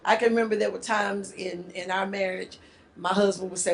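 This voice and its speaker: A middle-aged woman from the northern US gives a marriage workshop talk to a live group, lively and joking in casual speech. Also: medium pitch, a little fast, gravelly. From northern United States.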